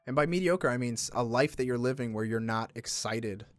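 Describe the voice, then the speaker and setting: Young man, podcast co-host, casual chat, swears a lot, mid-pitched, dry close sound. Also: fairly quick, dry recording. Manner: swearing, animated, slips into mock voices.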